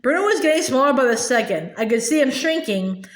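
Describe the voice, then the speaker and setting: A woman reads a children's novel aloud with lively expression, now and then tripping over and repeating a word. Her voice sits high, and the recording has a roomy echo. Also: brisk. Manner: expressive, occasional slips and repeated words. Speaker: storybook reader.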